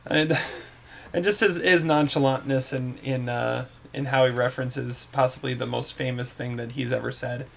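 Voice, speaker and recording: A man's voice: medium pitch, steady tone, moderate pace, gravelly, a little hiss or hum. A man hosting a casual movie podcast, rambling with many fillers and restarts. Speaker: podcast host.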